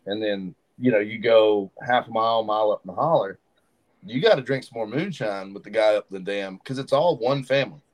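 A man's voice: fairly low pitch, fairly quick. A man, a fishing guide telling stories in casual podcast chat and acting out the locals he meets. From Southern United States. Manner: animated storyteller who acts out quoted locals. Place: podcast studio.

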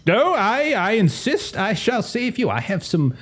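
A man's voice: sits high, big pitch swings, measured pace, pitched above the performer's own voice, heavily acted. A man voicing a pompous, cowardly male artifact collector who boasts gallantly and insists on being the rescuer.

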